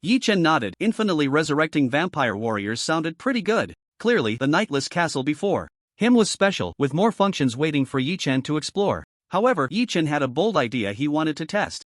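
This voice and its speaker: A man's voice: a little high, big pitch swings, fairly quick, hardly any pauses, no room sound, clean studio sound. A man narrating a fantasy story recap in a scripted storytelling delivery.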